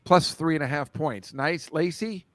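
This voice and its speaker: A man's voice: on the high side, measured pace, dry recording. A man hosting a casual football picks chat over a video call, rambling loosely and laughing often. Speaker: host.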